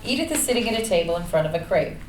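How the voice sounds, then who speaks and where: A woman narrating the action lines of a screenplay reading in a measured, plain way. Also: mid-range voice, very animated, faint music behind. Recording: echoey room, light noise.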